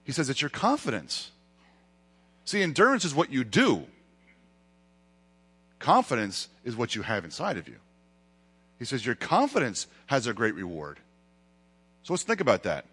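A man's voice: medium pitch, wildly swooping pitch, moderate pace, pauses often, a bit bright, breathy edge. A male pastor preaching a sermon, with emphatic rises and dramatic retellings of scripture. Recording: long hall reverb.

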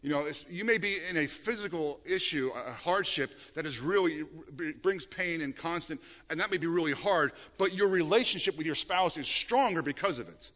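A middle-aged man preaches with animated, emphatic swells and many restarts. His voice is bright and sits on the higher side. The sound carries the long reverb of a church sanctuary. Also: moderate pace, hardly any pauses. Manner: animated, rising to emphatic peaks, frequent restarts. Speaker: pastor. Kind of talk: sermon.

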